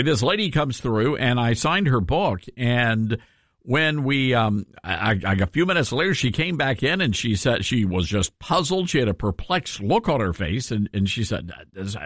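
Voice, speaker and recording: A man's voice: mid-range voice, moderate pace, dry recording, studio quality. A man hosting a talk radio show with a Southern accent, chatting in a folksy, jokey way. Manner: folksy, jokey, lively storytelling. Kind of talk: talk radio chat and live ad reads. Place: radio studio.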